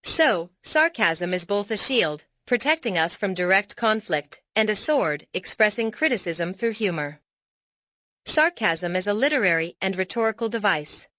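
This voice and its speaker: A woman giving a scripted explanatory narration for an educational video, reading in a measured, deliberate way. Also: medium pitch, expressive, pushed and bright, no room sound, lo-fi sound.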